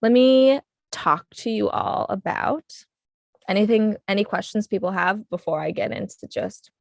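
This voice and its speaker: A woman's voice: medium pitch, normal speed, creaky, no echo, studio quality. A young woman with a New England accent, hosting a casual livestream and chatting while she knits, rambling along with frequent ums. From United States. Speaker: livestream host. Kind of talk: casual chat while knitting.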